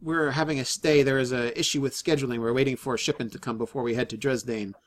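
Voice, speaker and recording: A man with a steady, medium-pitched voice acts as game master for a tabletop game. His narration is halting, full of fillers and restarts.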